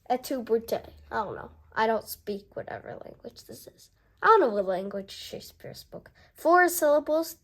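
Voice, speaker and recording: A young woman casually unboxing a board game and reading its cards aloud, chatty and excited as she goes. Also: a little high. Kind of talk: casual unboxing and card review.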